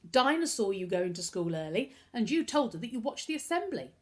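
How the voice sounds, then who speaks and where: A woman's voice: on the high side, sing-song, a little fast. A woman reading aloud and voicing a hot-tempered, scornful boy who protects his younger brother, speaking sulkily and indignantly. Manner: indignant, sulky.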